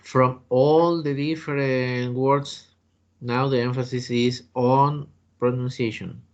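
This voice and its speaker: A man commenting on a classroom lesson, explaining each stage in a measured way. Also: mid-range voice, flat delivery, muffled recording. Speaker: lecturer commenting on a recorded lesson.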